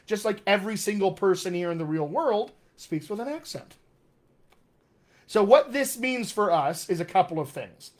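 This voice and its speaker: A man coaching actors on accents in a live-streamed Q&A, talking with energy and repeating his key points for emphasis. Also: sits high. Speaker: dialect coach.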